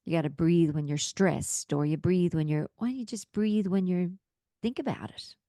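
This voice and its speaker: Low mellow-voiced woman podcast co-host. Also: normal speed, no room sound, clean studio sound. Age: 50s. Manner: chatty, warm storyteller, acts out quotes. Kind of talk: casual podcast chat.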